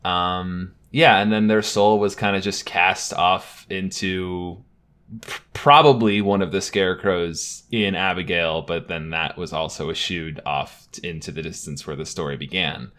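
A man co-hosting a casual chat, talking in a halting, hesitant way that trails off. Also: deep voice, fairly even intonation, fairly bright tone. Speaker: podcast co-host.

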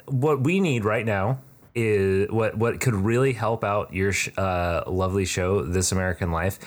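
A man hosting a podcast in casual chat, rambling and joking with plenty of fillers. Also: sits low. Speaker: podcast host. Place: room.

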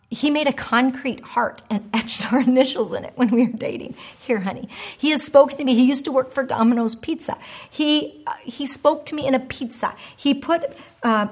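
A woman in her fifties giving a devotional teaching talk, animated and emphatic, sometimes dropping to a soft hush. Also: a little high. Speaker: devotional speaker and author.

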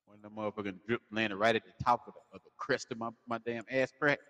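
Co-hosting a podcast, a man with a Southern US accent tells crude stories full of laughter and slang in a casual chat. His voice is lowish, steady and a bit bright, his pace quick, and the audio has a big-room sound.

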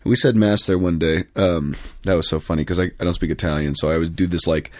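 Priest, male, very low voice, rambling podcast storyteller, dry close mic. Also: fairly even intonation, fast, darkish tone, no room sound. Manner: rambling storyteller, many fillers and self-corrections. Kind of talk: casual podcast chat.

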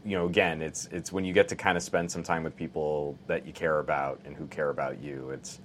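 A man's voice: very deep voice, little pitch movement, fairly quick, slight background noise. A man co-hosting a casual tech podcast with a polished radio-announcer delivery. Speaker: podcast co-host.

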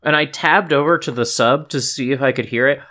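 Brief: male podcast co-host, mid-pitched, loose and profane storytelling. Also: a little fast, pushed and bright. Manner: casual, swears, tells anecdotes. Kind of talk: casual discussion.

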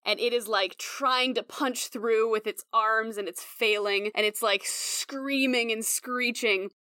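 A young woman running a tabletop game as game master, narrating in an animated way, full of "like" fillers. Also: fairly high pitch, unhurried, clean tone, dry recording, studio quality. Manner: animated, lots of "like" fillers, breaks into character voices.

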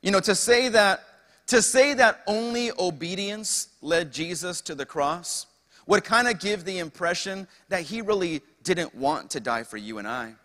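A man's voice: high-pitched, expressive, unhurried, fairly bright tone, long reverb tail. A young man preaching a sermon as pastor, calling out to the congregation with asides and rhetorical questions. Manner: preaching with call-outs to the congregation.

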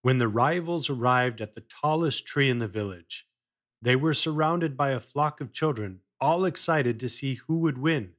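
A man narrating a children's story in a measured read-aloud style. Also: mid-range voice, fairly bright tone.

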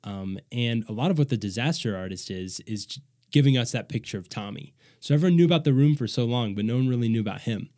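A young man hosting a podcast, chatting casually and rambling with quick restarts. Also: mid-range voice, expressive, a little mellow, no echo, studio quality. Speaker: podcast host.

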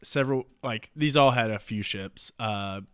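A young man improvising a story with friends, animated and rambling, laughing often. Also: lowish voice, normal speed, clean tone, no echo, clean studio sound.

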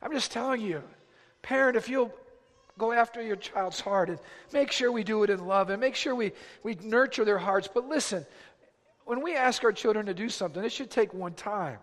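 A middle-aged male pastor preaching a sermon, moving between hushed, pleading passages and loud, urgent exhortation. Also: sits high, a little fast. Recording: reverberant hall.

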